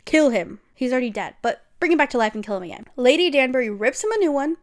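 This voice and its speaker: A young woman vlogger giving an animated, gushing recap of a TV series, full of slang and swearing. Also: high-pitched, quick pace. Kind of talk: casual, chatty recap.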